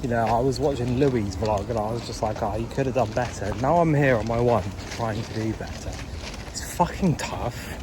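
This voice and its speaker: A man's voice: mid-range voice, normal speed. A young man vlogging as he walks through city streets at night. He is drunk and tired, and he swears and rants as he grumbles to his viewers. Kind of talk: casual walking vlog. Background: traffic and street noise.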